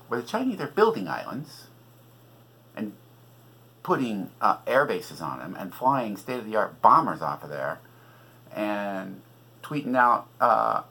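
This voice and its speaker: Husky-voiced man ranting about politics. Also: lowish voice, fairly bright tone, rough recording. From California. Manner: agitated, profane, sarcastic. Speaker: podcast host and author.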